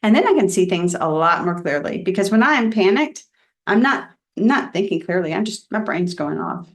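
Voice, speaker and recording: A woman reverend giving a personal Dharma talk in a candid, reflective storytelling way. She often drops soft and quiet. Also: medium pitch, expressive, moderate pace.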